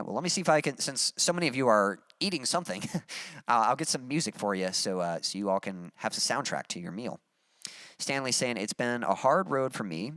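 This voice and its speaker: Relaxed and rambling with plenty of fillers, a Texas musician with a mild accent reads his chat aloud during a casual livestream. He speaks at a medium pitch in a dry, studio-quality recording.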